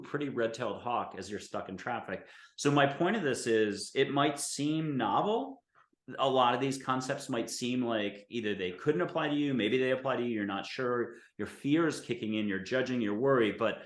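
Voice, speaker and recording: A man hosting an interview show, speaking earnestly and reassuringly to his viewers before asking a question. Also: medium pitch. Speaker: show host. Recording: roomy echo.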